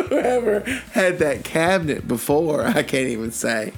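A man co-hosting a comedy podcast, rambling and halting with lots of restarts. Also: on the high side, sing-song, vocal fry, soft background music. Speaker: co-host. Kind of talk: comedic banter.

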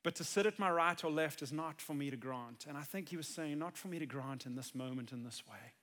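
High-voiced man preaching a sermon. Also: a little fast, a bit bright. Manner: earnest, builds to emphatic peaks. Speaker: pastor.

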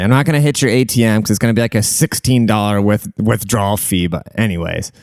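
A man's voice: medium pitch, quick pace, darkish tone, clear, resonant tone, no room sound, clean studio sound. A young man telling stories in a casual, crude and profane way, rambling and full of fillers. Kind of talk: casual storytelling.

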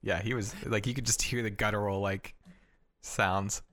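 Male podcast co-host, low and bright, rambling filler-heavy chatter. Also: steady tone, moderate pace. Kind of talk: casual chat.

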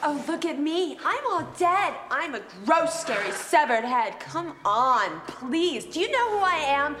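A woman's voice: high voice, big pitch swings, a little slow, pushed and bright, a little hiss or hum, full character voice. A woman playing a sarcastic teen cheerleader who mocks a killer in a horror comedy film. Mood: mocking. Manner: mocking, sarcastic. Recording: echoey film scene with music.

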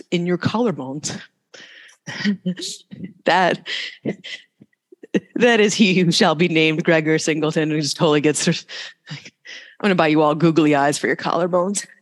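Yoga teacher cueing poses in a reverberant studio. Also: mid-range voice. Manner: casual, joking asides between cues. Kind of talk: live class instruction.

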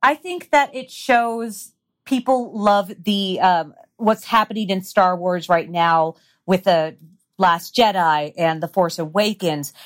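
Woman guest on a podcast, excited, lots of opinions. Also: medium pitch, slow. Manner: enthusiastic, opinionated. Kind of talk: casual chat.

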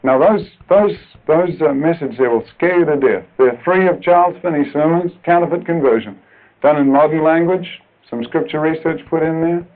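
A man preaching a sermon to other preachers, emphatic and urgent, dropping at times to quiet, earnest asides. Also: on the high side, moderate pace. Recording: tinny lo-fi old tape recording.

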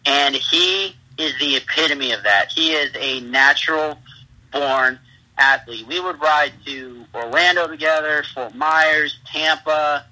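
A man with a very bright, husky voice rambles through his road stories and laughs as he talks. It sounds like a phone line. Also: a little high, slow. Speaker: pro wrestler, interview guest. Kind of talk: casual interview talk.

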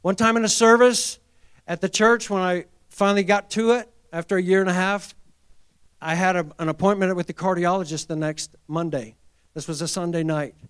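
A middle-aged male pastor preaches a sermon, first telling a story, then building to fervent exhortation as he moves from hushed tones to loud emphasis. His voice is fairly high-pitched with a clean tone.

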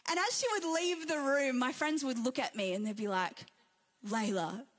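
High-voiced woman preaching. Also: lively intonation, a little fast, fairly bright tone. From Australia and New Zealand. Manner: fervent, repetitive preaching cadence. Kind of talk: sermon. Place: church.

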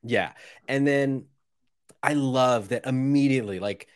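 A man's voice: medium pitch, measured pace, dry recording, studio quality. A man co-hosting a movie podcast, blunt and sarcastic, swearing as he rants. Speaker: podcast co-host. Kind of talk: casual podcast banter.

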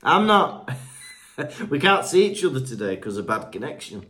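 A chatty British man co-hosting a podcast, reading out listener messages with a very lively, up-and-down voice. He jokes along as he reads and trips over unfamiliar names. His pitch sits in the middle of the male range. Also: normal speed. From Britain. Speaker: podcast co-host. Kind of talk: casual chat, reading listener reviews.

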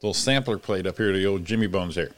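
Deep-voiced laughing male co-host. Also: quick pace, faint music behind. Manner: laughs often, swears freely, stumbles over words. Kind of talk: casual morning show banter.

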